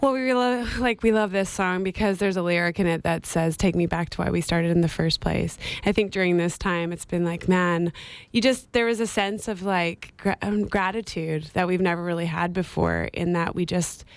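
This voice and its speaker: A woman's voice: on the low side, moderate pace. A woman musician chatting as a guest in a radio studio, talking in an enthusiastic, rambling way. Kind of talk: casual interview chat.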